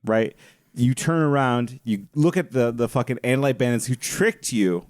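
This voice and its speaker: A man's voice: mid-range voice, normal speed, dry recording, clean studio sound. Drunk, rambling male podcast co-host. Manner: rambling, laughing storyteller. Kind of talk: casual chat.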